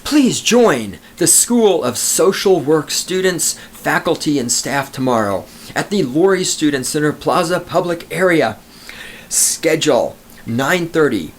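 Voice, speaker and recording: A man's voice: on the high side, very animated, unhurried, a little hiss or hum. A man hosting a podcast, ranting alone in a sarcastic, profane, mocking way. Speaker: podcast host. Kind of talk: sarcastic solo podcast rant.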